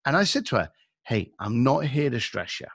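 A man's voice: medium pitch, sing-song, normal speed, vocal fry, fairly bright tone, breathy edge, no echo, clean studio sound. A middle-aged man with a London accent, telling a story as a podcast guest and acting out the dialogue. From England.

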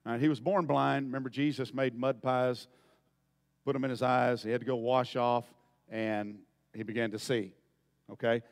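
A man preaching a folksy storytelling sermon, dropping to quiet asides and then bursting into loud shouts. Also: medium pitch, flat delivery, moderate pace, in a large hall.

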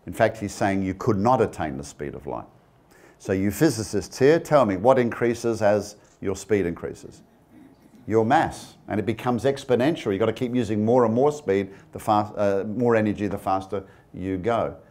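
A man with a fairly low voice giving a slide presentation to a live audience. He keeps it chatty, quizzes the room and slips in joking asides. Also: moderate pace, darkish tone. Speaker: guest speaker.

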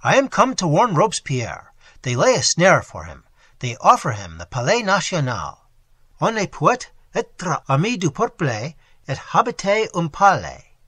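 A man voicing a brawny butcher, a loud and eager revolutionary. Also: fairly high pitch, wildly swooping pitch, unhurried, breathy edge, no room sound, exaggerated voice. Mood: urgent.

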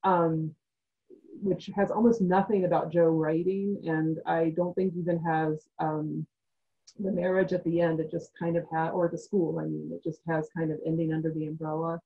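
A woman on a discussion panel, talking in a measured academic way and thinking aloud with frequent pauses. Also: low voice, level tone, husky, narrow, tinny audio.

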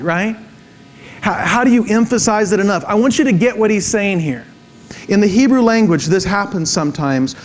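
High-voiced pastor preaching dramatically. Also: male voice, rough recording. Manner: dramatic, swings from hushed to emphatic when reading scripture; repeats words for emphasis, asks the audience "right?". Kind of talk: sermon.

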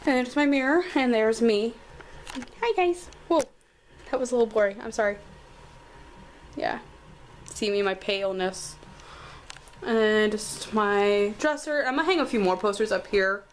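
A woman's voice: on the high side, moderate pace, pauses often, a little hiss or hum. A young woman with a Southern American accent, giving a casual room tour in her bedroom and filming on a handheld camera, chatty and full of "like" fillers. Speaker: vlogger.

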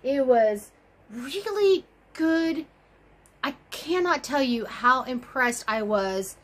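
Chatty woman crochet vlogger, bright pitch. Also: expressive, slow pace. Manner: rambling and gushing, many fillers and exclamations. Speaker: crochet YouTuber. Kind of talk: casual chatty vlog.

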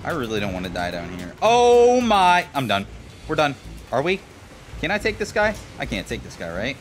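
A man giving jokey, excitable commentary while playing a game, swearing and talking to enemies. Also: a little high, normal speed, music in the background. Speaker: gameplay commentator. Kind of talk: casual let's-play commentary.

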